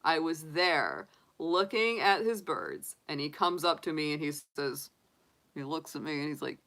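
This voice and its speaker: A woman's voice: low voice, very animated, measured pace, fairly bright tone. A woman reading tarot, chatting casually to her viewers and telling a rambling story, laughing often. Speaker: tarot reader and astrologer. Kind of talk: casual storytelling to a live chat.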